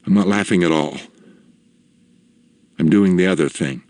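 A man narrating a personal story in the first person, slow, measured and reflective. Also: sits low, darkish tone, no room sound.

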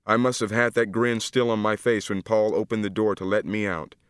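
A man reading first-person literary narration for an audiobook, measured and unhurried, on a close studio mic. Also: on the low side, flat delivery, clear, resonant tone, dry recording.

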